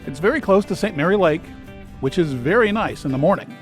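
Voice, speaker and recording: A man's voice: sits high, lively intonation, a little fast, faint music behind. A man hosting a travel guide, giving scripted narration with dry, sarcastic asides.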